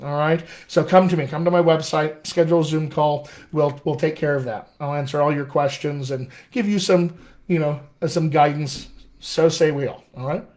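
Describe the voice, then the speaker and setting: A man's voice: a little high, steady tone, moderate pace, darkish tone. A man working as a dialect coach, answering viewer questions in a casual live session, upbeat and encouraging. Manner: upbeat, encouraging, chatty with restarts. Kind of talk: live-streamed Q&A, casual teaching.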